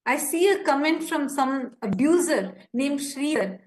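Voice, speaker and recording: On a live stream, a high-voiced woman with a bright tone makes an urgent, animated appeal without rushing. Her manner is impassioned: she begs her audience and bristles with indignation at those who criticize her.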